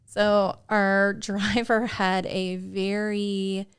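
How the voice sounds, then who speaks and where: A woman's voice: mid-range voice, little pitch movement, drawn-out words, clear, resonant tone, no echo, clean studio sound. Agreeable woman in casual chat. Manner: agreeable, laughs often. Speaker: travel vlog co-host.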